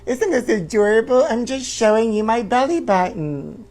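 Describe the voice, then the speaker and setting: A man's voice: extremely high pitch, lively intonation, normal speed, darkish tone. A man playing a self-absorbed woman hosting a trashy tabloid talk show, drawling honey at everyone and breaking into whooping shrieks. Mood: campy gossip. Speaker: host. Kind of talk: campy comedic live-stream character.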